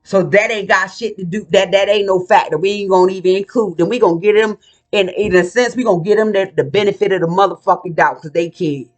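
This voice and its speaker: A woman's voice: mid-range voice, fast. A woman vlogger ranting in a casual monologue, blunt, profane and combative.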